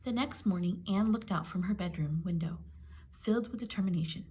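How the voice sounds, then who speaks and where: A woman reading a children's picture book aloud in a gentle, clear and expressive way. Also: fairly low pitch, brisk. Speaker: storybook reader.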